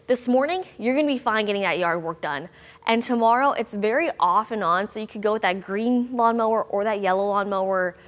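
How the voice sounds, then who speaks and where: A woman's voice: mid-range voice, brisk, long reverb tail. A young woman meteorologist giving a chatty, upbeat weather forecast with bouncy emphasis.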